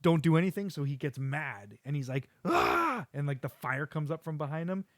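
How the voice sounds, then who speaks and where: Casting a middle-aged dad host, higher-pitched voice, very dry close sound, quotes characters as he tells the scene. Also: fairly quick, darkish tone, no room sound. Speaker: podcast host. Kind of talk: casual chat with his son.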